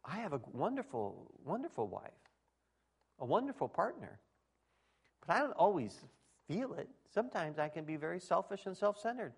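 A man's voice: sits high, big pitch swings, moderate pace, gravelly, husky. A middle-aged man preaching a conversational sermon, acting out quoted dialogue and laughing at his own jokes.

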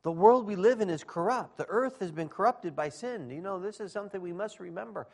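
Middle-aged male pastor, high voice, emphatic sermon delivery with sudden loud peaks. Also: brisk, creaky. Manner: emphatic, swings from quiet asides to shouting.

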